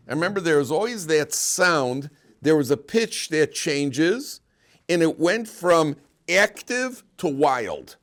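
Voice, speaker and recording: A man, a rabbi, giving an informal Torah class to students, asking rhetorical questions and restarting phrases as he talks. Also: a little high. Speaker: rabbi teaching a yeshiva class. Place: yeshiva classroom.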